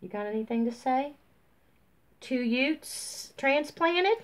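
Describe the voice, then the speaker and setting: A woman vlogger giving casual, rambling shout-outs to her viewers over a phone, full of ums and folksy warmth. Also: animated, a little slow. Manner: high sing-song baby talk to her dog. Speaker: YouTube vlogger.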